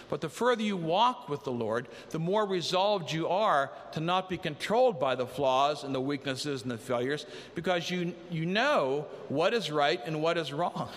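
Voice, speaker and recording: Male pastor, higher-pitched voice, earnest conversational sermon with acted-out quotes, long reverb of a big hall. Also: a bit bright.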